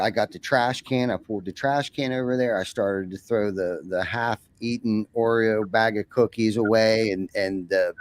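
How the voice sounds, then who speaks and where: Low-voiced man, rambling and candid. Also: no echo. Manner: rambling, repeats words when starting sentences. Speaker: podcast guest. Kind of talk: casual conversation.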